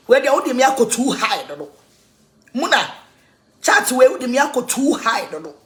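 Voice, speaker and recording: A woman with a Ghanaian accent in an animated, mocking rant, laughing mid-sentence and switching between languages. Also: high-pitched, fairly quick.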